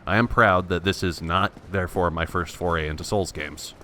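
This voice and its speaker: A man's voice: deep voice, normal speed, sharp tone, slight background noise. A man thinking aloud in wry, self-mocking let's play commentary, restarting his sentences often. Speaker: gameplay commentator.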